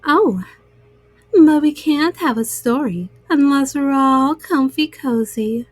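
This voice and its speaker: A woman reading bedtime stories aloud to young listeners, gentle and soothing. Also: sits high, lively intonation, slow pace, dry recording. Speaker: storyteller.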